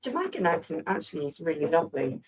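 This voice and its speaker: A woman's voice: low-pitched, big pitch swings, quick pace, rough recording. A middle-aged woman with a teasing, wry manner, chatting as co-host. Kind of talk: casual chat.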